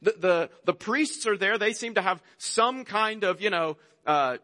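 A man's voice: high voice, a little slow, few pauses, bright, forceful tone. A man preaching a sermon, earnest and conversational, often repeating words as he goes. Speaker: pastor. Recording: long hall reverb.

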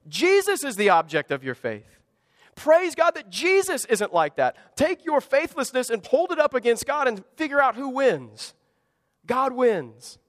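Speaking in a high-pitched voice that carries a big-room sound, this man is a pastor delivering a sermon at a church service held in a school gymnasium. His preaching to the congregation is earnest and conversational, packed with rhetorical questions.

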